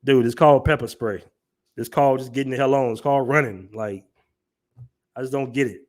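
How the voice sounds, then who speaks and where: A man's voice: mid-range voice, fairly even intonation, fairly quick. A man hosting a casual livestream, reading chat comments aloud and laughing through his commentary. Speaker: livestream host.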